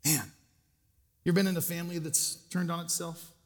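High-voiced pastor preaching in a reverberant hall. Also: male voice, steady tone, fairly quick. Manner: conversational, self-deprecating asides to the congregation. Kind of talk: sermon.

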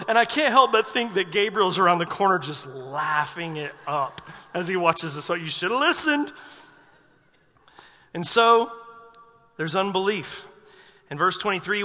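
Pastor guy preaching, high bright voice, fun storytelling, big echoey church. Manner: humorous, animated storytelling. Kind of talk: sermon. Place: church sanctuary. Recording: reverberant hall.

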